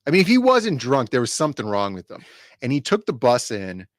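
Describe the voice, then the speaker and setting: A man's voice: mid-range voice, wildly swooping pitch, brisk, dry recording, studio quality. Chatty man telling office stories. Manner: storytelling, mimics drunk voices in anecdotes. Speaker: co-host of comics channel. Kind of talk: casual chat.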